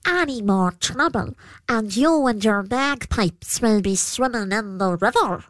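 A menacing horned shape-shifter from a storybook, played by a woman narrator, snarling his orders slowly in a raised voice. The sound is dry and close. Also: high voice, animated, fairly bright tone, no echo, voice pushed up, exaggerated voice. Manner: snarling, threatening.

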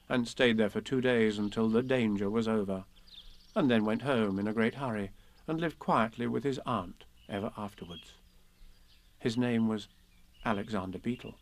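A man reading children's poems and stories aloud in a gentle, expressive way. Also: mid-range voice.

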